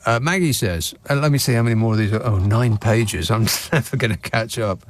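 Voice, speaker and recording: A man's voice: lowish voice, a little fast, a little hiss or hum. A man hosting a late-night radio phone-in, chatting in a dry, sardonic way with mocking asides. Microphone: studio microphone.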